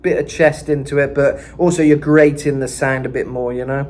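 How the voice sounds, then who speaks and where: A man giving a casual vocal lesson, chatting about singers' tones and breaking into gritty high sung and screamed demonstrations. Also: fairly even intonation, normal speed, heavy background noise. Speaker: vocal coach.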